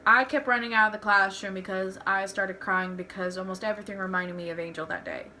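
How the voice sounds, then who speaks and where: Telling candid personal stories in her home vlog, a young woman rambles and keeps restarting her sentences. Her mid-range voice is fairly even, fairly quick, bright and forceful. Slight background noise is present.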